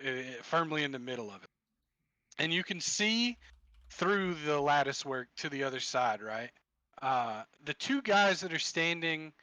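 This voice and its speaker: A man narrating as game master for a tabletop game, describing scenes haltingly with many fillers. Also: fairly high pitch, bright, forceful tone, dry recording, low-quality recording.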